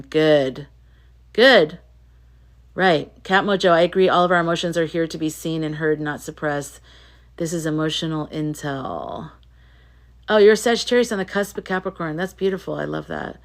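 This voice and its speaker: A woman hosting a casual livestream, chatting and reading viewer comments in an emphatic way, often repeating herself. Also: on the low side. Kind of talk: casual live chat.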